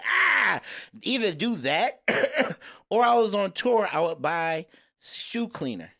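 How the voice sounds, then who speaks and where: A man co-hosting a podcast, telling stories in a rambling, animated casual chat. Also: sits high, slow pace, creaky. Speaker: podcast co-host.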